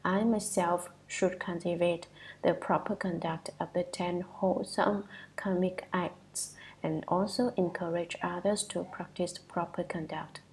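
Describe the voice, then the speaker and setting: A woman giving a measured, deliberate reading of a Buddhist sutra commentary, often trailing off into a whisper. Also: on the low side, poor audio.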